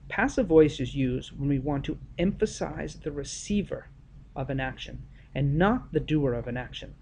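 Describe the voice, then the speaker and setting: A male teacher giving an explanatory grammar lesson, speaking deliberately and stressing the key words of example sentences. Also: fairly high pitch, mellow, a little hiss or hum.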